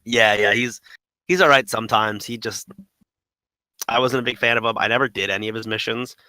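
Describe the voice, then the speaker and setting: A man's voice: medium pitch, brisk, bright, forceful tone, dry recording, poor audio. A man co-hosting a casual gaming podcast, rambling with lots of "like" and "um". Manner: rambling, full of "like" and "um". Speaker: podcast co-host.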